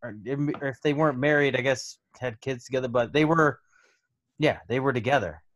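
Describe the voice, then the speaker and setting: A man's voice: medium pitch, brisk, a bit bright. A man co-hosting a podcast in casual chat, with a dry, teasing manner. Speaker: podcast co-host.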